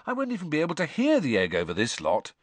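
A man's voice: fairly high pitch, wildly swooping pitch, quick pace, no echo, pitched above the performer's own voice. A man voicing a plain-spoken teenage schoolboy in an audiobook reading. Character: young teenage schoolboy hero. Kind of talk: audiobook character voice.

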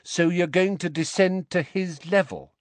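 A man puts on a bossy teenage schoolgirl for an audiobook, her voice pitched high and cutting. She sounds sharp and indignant at every turn. The read is close and dry. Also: a little slow, no echo.

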